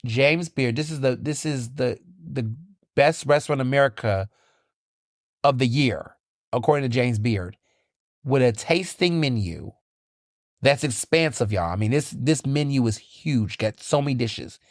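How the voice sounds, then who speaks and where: A man hosting his own podcast, chatting casually and animatedly, telling stories with lively, high-pitched quoted asides. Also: unhurried, no room sound, studio quality. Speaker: podcast host. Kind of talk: casual solo chat.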